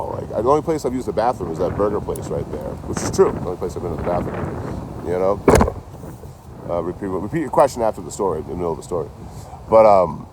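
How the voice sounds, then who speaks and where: Holding his phone outdoors by trees and a road, a man with a low voice talks fast in a profane, rambling vlog. He animatedly retells a police encounter, acting out what people said, and the recording is very noisy.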